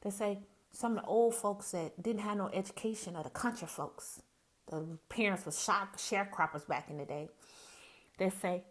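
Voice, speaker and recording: A woman's voice: mid-range voice, normal speed. Candid Southern woman with a folksy style. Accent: Southern US (Mississippi). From Mississippi, US. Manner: candid, folksy, calls listeners "baby". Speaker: podcast host. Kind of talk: personal monologue.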